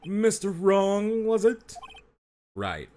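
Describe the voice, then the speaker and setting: A man's voice: high-pitched, big pitch swings, extremely slow, darkish tone, a little hiss or hum, voice pushed up, full character voice. A man voicing a smug, pompous rich villain in a fan dub of a game, with a theatrical, sneering manner.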